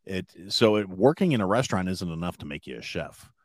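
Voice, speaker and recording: A man co-hosting a podcast in casual chat, speaking haltingly with many restarts and a dry manner. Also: low-pitched, lively intonation, no room sound. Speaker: podcast co-host.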